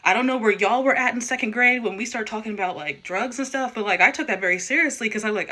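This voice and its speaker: Young woman vlogger, bright and forceful tone, emphatic candid rant with frequent restarts. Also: fairly high pitch, expressive, a little fast. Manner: emphatic, repeats and restarts words when worked up. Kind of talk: candid personal vlog rant.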